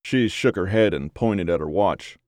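Male storyteller, low-pitched, measured and deliberate, dry recording. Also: a little mellow, no echo. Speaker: narrator. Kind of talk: scripted story narration.

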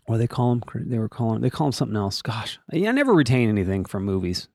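Animated rambling male podcast host. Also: racing, creaky, no room sound, studio quality. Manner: rambling, jokey, animated, swooping pitch. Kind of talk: casual solo podcast chat.

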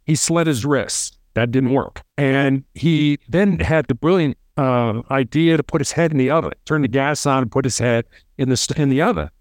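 Speaking at a normal pace in a mid-range voice, a middle-aged man recalls his hostage negotiator career in an interview. The recording is dry and clean studio sound. He animates his stories by acting out quoted voices and repeating words.

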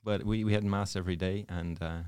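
A man's voice: low voice, fairly even intonation, a little fast, clear, resonant tone, no echo, clean studio sound. A man in his thirties with an Irish accent, a priest telling stories as a guest in a casual chat. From Ireland. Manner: storytelling, self-deprecating, soft-spoken.

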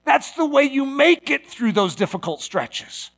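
A middle-aged man preaching a sermon, animated and given to acting out voices with sudden loud outbursts. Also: very high-pitched, unhurried, creaky. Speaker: pastor.

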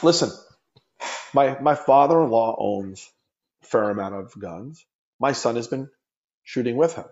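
Middle-aged guy from the us, earnest and pushy, mellow voice, kinda dull audio. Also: medium pitch, measured pace, pauses often. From United States. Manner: earnest, emphatic, repeats words when pressing a point. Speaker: gun safety activist guest. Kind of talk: impassioned interview talk.

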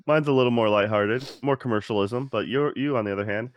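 A man's voice: medium pitch, fast talker, dry recording. A man co-hosting a podcast over a call, laid-back, with a dry, wry humor. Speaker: podcast co-host. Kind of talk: casual podcast chat. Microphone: remote call mic.

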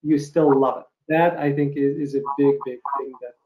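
A man hosting an interview, speaking in a halting, encouraging way. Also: medium pitch, steady tone. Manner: halting, encouraging, many restarts. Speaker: interviewer, host. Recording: muffled, roomy.

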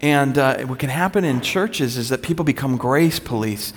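A man in a middle register preaches a conversational sermon, telling stories in a loose, relaxed way with self-deprecating humor. His voice rings out with the long reverb of a large hall. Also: medium pitch, normal speed, breathy edge. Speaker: pastor.

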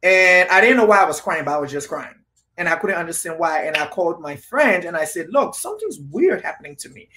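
A man's voice: on the high side, brisk, sharp tone, slight background noise. A man hosting a casual interview podcast, making earnest and repetitive appeals to his listeners. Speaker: podcast host.

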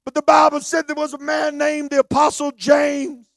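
Preacher, man, fervent, shouting then hushed, gravelly, dry close sound. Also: extremely high pitch, completely flat delivery, moderate pace, no echo. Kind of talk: sermon.

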